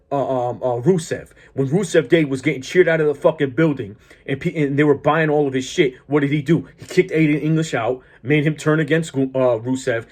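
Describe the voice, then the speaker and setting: A man of Greek heritage in a casual, heated wrestling rant, swearing a lot and stumbling over repeated words as he restarts his sentences. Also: fairly high pitch. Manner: profane, heated, restarts often. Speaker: wrestling commentator vlogger. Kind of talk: casual ranting monologue.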